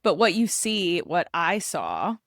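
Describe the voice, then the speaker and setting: A woman co-hosting a casual podcast as an embodiment coach, talking in emphatic bursts that slow down for deliberate phrasing. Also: lowish voice, wildly swooping pitch, fairly bright tone, no room sound, clean studio sound.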